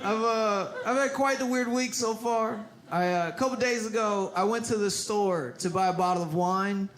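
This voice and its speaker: High-voiced young man doing stand-up. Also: normal speed. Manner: animated, exasperated storytelling with shouted bits. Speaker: stand-up comedian. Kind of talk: stand-up comedy. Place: comedy club stage. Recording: loud audience laughter and noise.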